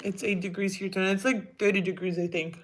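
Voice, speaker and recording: A woman's voice: mid-range voice, level tone, fast talker, a little hiss or hum. A woman hosting a casual livestream at home, chatting and answering viewer comments with frequent laughs and trailing asides. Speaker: livestream host.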